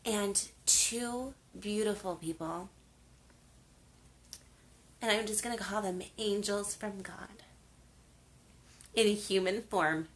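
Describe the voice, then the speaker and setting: A woman's voice: medium pitch, slow pace, long pauses. An older woman hosting a casual faith and lifestyle talk. She speaks earnestly, telling stories with many fillers and restarts. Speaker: host.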